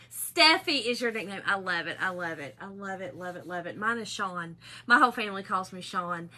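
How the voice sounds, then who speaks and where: A woman's voice: mid-range voice, expressive, moderate pace, bright, forceful tone. A middle-aged woman with a Southern US accent hosting a casual craft livestream, chatty and bubbly, greeting viewers by name. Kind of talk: casual live chat while crafting.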